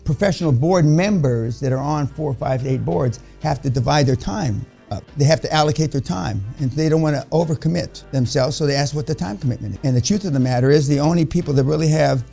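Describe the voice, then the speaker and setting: A man's voice: on the high side, fairly quick, gravelly, few pauses, warm tone, soft background music. An older man giving a blunt, profane motivational lecture to a seminar audience, rambling with many restarts. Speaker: seminar speaker.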